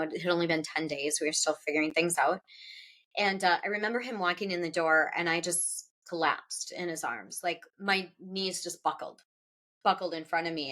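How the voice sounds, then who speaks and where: Being interviewed, a middle-aged woman author describes a personal loss haltingly and emotionally, restarting sentences and pausing, her voice rising as she recalls the most distressing parts. Her pitch is fairly low and her tone fairly bright.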